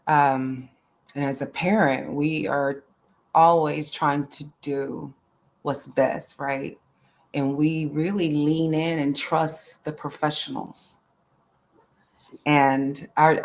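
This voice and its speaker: Earnest, emphatic woman with a lowish voice. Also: slight background noise. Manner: earnest, emphatic, repeats phrases, voice rises when upset. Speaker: interview guest, autism advocate. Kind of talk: emotional interview talk.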